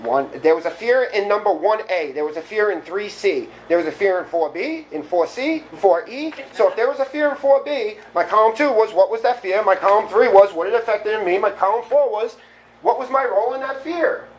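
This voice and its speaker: A middle-aged man giving a candid, animated personal recovery talk, often laughing at himself. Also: high voice, a little fast, a little hiss or hum, poor audio. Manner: candid, animated storytelling with self-deprecating laughs. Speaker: recovery meeting speaker.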